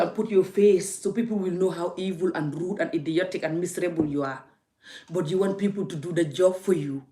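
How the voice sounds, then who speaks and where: A woman's voice: lowish voice, a little fast, warm tone. A woman vlogging into her phone, emphatic and laughing, often repeating her words. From Gambia. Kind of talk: casual ranting vlog.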